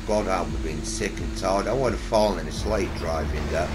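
A man's voice: moderate pace, over music. A man hosting casual game commentary into a headset mic, teasing his friend with mild swearing. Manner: teasing, swearing, mumbled low asides. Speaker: gaming channel host. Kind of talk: casual game commentary over party chat.

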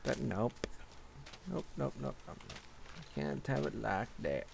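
A young man mutters his way through a game in an unhurried, gravelly voice, cursing and complaining to himself. His slow, rough delivery sits over faint game sounds in the background. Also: medium pitch, slight background noise. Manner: grumbling, profane, talking to himself. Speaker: gaming channel host. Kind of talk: casual gameplay commentary.

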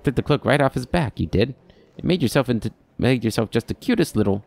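A man's voice: mid-range voice, lively intonation, quick pace, vocal fry, a little mellow, voice pushed up. A man voicing a rambling, nostalgic old male keeper who chatters in a folksy, reminiscing way.

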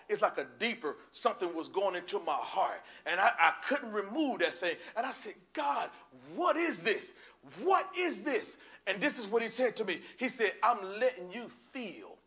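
A middle-aged man, a pastor preaching a sermon that rises from hushed storytelling to shouting fervor. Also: on the high side.

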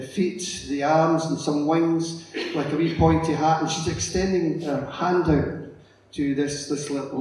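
A middle-aged man giving a lively, storytelling conference talk and acting out the characters. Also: a little high. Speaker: conference speaker. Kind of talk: illustrated public lecture. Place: conference hall. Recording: echoey hall, distant mic, faint noise.

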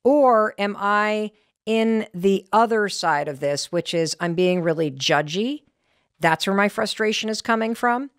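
A middle-aged American woman hosts her podcast with candid, animated storytelling. Her pitch leaps and swoops freely as she talks. The sound is dry and close, with no room echo. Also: a little slow. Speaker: podcast host. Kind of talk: motivational podcast talk.

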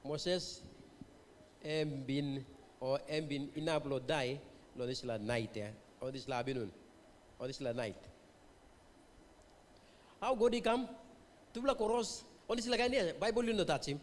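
A man's voice: on the high side, measured pace, long pauses, a little hiss or hum. A male pastor with a Papua New Guinean accent preaching a revival sermon, switching between English and Tok Pisin and putting questions to the congregation. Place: church hall. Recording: long church-hall reverb.

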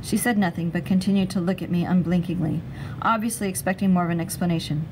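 A woman's voice: lowish voice, steady tone, fast talker, noisy background. Woman reading a chapter book aloud. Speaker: reader.

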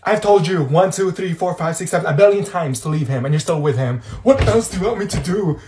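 A man with a voice pitched a little higher than most men's, acting out short comedy skits. He jumps between several schoolgirl characters, mostly chatty and gossipy, then bursts into sassy, shouted comebacks. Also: animated, brisk, a little hiss or hum. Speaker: comedy sketch creator.

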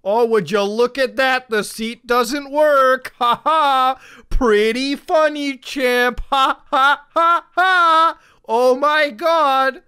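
A smug, mocking man who taunts slowly and stretches out sneering laughter, as a streamer puts him on. His voice sits a little higher and louder than a plain speaking voice. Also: smooth, heavily acted.

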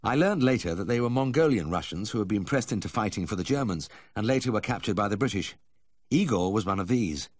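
A man reads a first-person memoir in a measured, expressive storytelling manner. His low voice moves through a lively range of pitch. It is recorded close on a studio mic and sounds dry. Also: no echo. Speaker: audiobook narrator. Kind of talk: scripted first-person narration.

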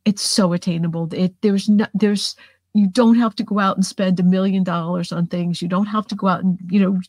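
A woman from outside Boston, hosting a casual interview and telling animated stories with lots of restarts. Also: medium pitch, a little fast, no room sound. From outside Boston, New England. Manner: chatty, stumbling restarts, animated storyteller. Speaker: host.

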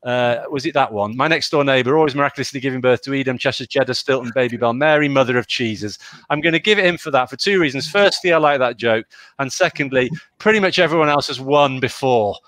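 A man's voice: mid-range voice, fast talker, a bit bright, no room sound. A man from Wales, the show's producer, reading viewer jokes aloud in a casual, chuckling way and tripping over names. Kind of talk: casual online show chat.

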